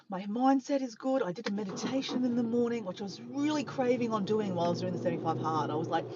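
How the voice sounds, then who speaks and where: Chatty woman vlogging from a car. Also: a little high. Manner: chatty, rambling, upbeat storytelling. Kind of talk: casual vlog talk to camera. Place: in a car while driving. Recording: muffled with clear road noise.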